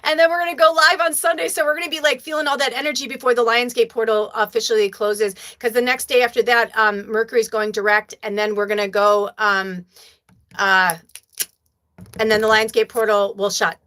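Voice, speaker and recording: Woman, psychic livestream host, slightly high voice; animated, rambling and profane. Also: a little fast. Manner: animated, freewheeling, swears freely. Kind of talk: casual spiritual livestream chat.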